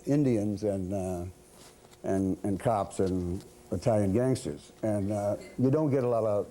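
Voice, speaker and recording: A man in his sixties from the American South, appearing as a talk show guest in a TV studio with an audience, tells casual, self-deprecating anecdotes with a chuckle. His voice is lowish, mellow and a little slow, with a faint hiss or hum in the audio.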